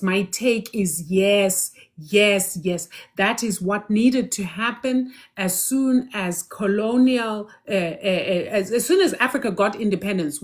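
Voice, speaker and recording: Animated woman answering live-stream questions. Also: medium pitch. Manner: lively, laughs often, addresses viewers by name; reads questions aloud and answers them emphatically. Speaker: spiritual teacher answering viewer questions.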